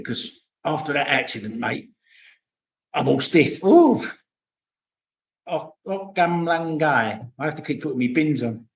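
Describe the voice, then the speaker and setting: An older Englishman chatting loosely on a livestream, rambling off on tangents and dropping the odd swear word. His voice sits somewhat high for a man. The room adds a noticeable echo. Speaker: vlogger. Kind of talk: casual livestream chat. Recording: roomy echo.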